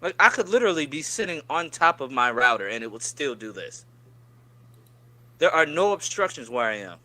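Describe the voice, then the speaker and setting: A man's voice: on the high side, very animated, moderate pace, sharp tone. A man hosting a casual live stream chat, often stammering and repeating words as he starts his sentences.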